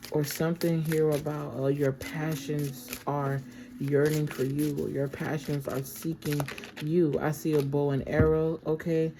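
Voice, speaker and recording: A woman's voice: low voice, background noise. A woman giving a casual, affirming tarot reading and often checking in with "okay?". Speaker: tarot reader.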